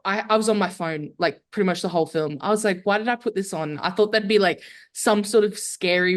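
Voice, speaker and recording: A young adult woman, a guest filmmaker chatting casually and candidly on a podcast, full of "like" fillers. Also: medium pitch. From Australia.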